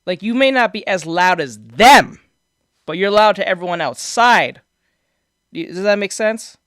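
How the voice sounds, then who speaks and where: A man's voice: sits high, animated, a little slow, a bit bright, clear, resonant tone, dry recording, studio quality. A man chatting casually on a stream, answering viewers and explaining things in a rambling way, restarting sentences and laughing at his own jokes. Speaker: streamer reacting to viewer comments. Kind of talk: casual live-stream chat. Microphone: desk microphone.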